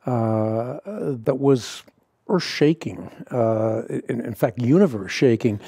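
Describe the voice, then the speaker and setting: A man hosting a podcast interview, speaking in a measured way with hesitant fillers. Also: mid-range voice, animated, mellow, slightly rough, no room sound, studio quality. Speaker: podcast host. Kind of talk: conversational interview.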